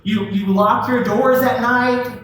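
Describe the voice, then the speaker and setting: A man's voice: very high voice, fairly even intonation, takes it slowly, a bit bright, a little hiss or hum. A man, a youth pastor, giving a casual, conversational sermon and putting direct questions to his listeners. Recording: very echoey hall, distant mic.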